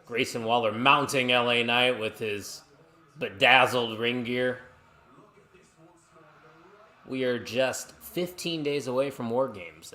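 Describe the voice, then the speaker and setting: A man's voice: medium pitch, sharp tone. A man co-hosting a live watch-along stream, chatting casually and reacting to the action while reading viewer comments.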